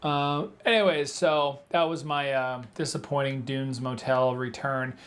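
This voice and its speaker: Casual guy narrating his gameplay, rambly with lots of filler words, mid-pitched. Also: fairly even intonation, a little slow, a bit bright, a little hiss or hum. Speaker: let's play gamer.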